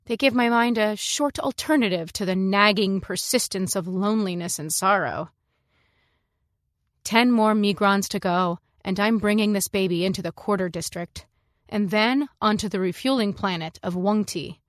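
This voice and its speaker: A woman narrating a science fiction story in the first person, in a measured, reflective way. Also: medium pitch, dry recording, clean studio sound. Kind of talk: scripted narration.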